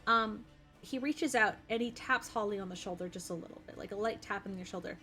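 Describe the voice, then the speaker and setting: A woman's voice: medium pitch, fairly quick, pushed and bright, faint music behind. A young woman narrating as game master of a tabletop game, chatty and full of fillers. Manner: chatty, lots of um and like.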